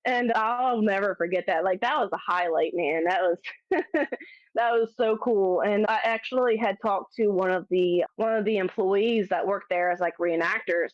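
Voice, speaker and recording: A woman guest telling a story in a casual, animated way, laughing often and restarting sentences. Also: medium pitch, normal speed, no echo. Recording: dull, dry lo-fi audio.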